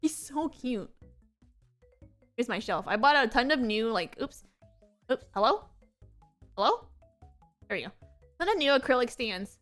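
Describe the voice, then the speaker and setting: A young woman chatting on a casual stream, excitable and rambling, with many "like"s. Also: a little high, measured pace, pauses often, soft background music. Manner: excitable, rambling, heavy use of "like". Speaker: VTuber streamer.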